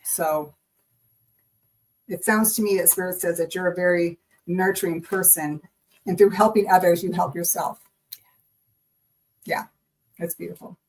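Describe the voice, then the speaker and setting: A woman's voice: lowish voice, fairly even intonation, measured pace, pauses often, rough recording. A woman hosting a casual livestream of spiritual readings, chatting in an upbeat, easily delighted way.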